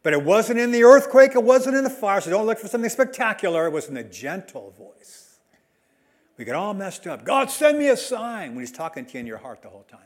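A man preaching a sermon as a pastor, emphatic, swinging between loud and soft delivery. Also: high voice, lively intonation, quick pace.

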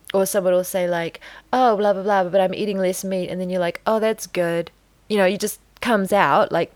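Woman, weary vlogger, chatty and self-mocking, slightly low voice, dead-dry recording. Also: no echo. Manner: rambling, self-deprecating, acts out conversations. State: tired, burnt out. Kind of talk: casual vlog monologue.

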